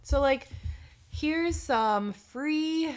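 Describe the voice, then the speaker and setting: A woman's voice: sits high, expressive, extremely slow. A woman hosting a podcast, reading a fairy tale aloud and breaking off for giggly, irreverent asides with casual swearing. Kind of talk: casual read-aloud with commentary.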